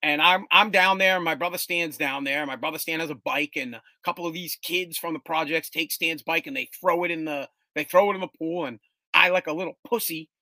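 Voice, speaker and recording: A middle-aged man from Woburn, Massachusetts, in the US, hosts a podcast, telling casual, rambling stories full of profanity. His voice is a little high and fairly quick, with no echo. He's animated, swears freely, and often restarts his sentences.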